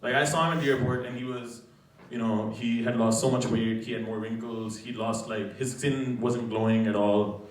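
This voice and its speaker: A man's voice: mid-range voice, fairly even intonation. Young guy telling a story live on stage, lots of likes and you knows, super echoey room, sounds far from the mic. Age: young adult. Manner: conversational and halting, full of "like" and "you know". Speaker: student storyteller. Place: college event hall.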